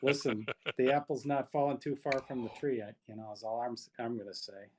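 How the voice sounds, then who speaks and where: A man's voice: medium pitch, steady tone, fairly quick, background noise, natural voice. Easygoing teen brother full of "you know"s, as a man plays him. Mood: shrugging. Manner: casual, shrugging, talks in fillers. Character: laid-back teenage boy, grounded older brother.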